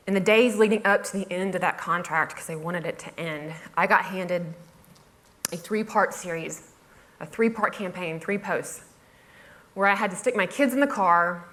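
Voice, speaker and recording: This blogger's voice is fairly low and a bit bright as she gives a humorous talk on stage. She pokes fun at herself with wry timing, chuckles at her own asides, and does impressions of the people in her story.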